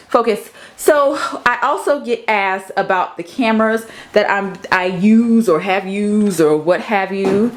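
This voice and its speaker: A woman's voice: a little slow, few pauses. A woman in her thirties giving a casual, playful tour of her home office studio, talking to the camera and sometimes to her cat. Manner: chatty, playful, breaks into high baby-talk with her cat. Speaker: vlogger.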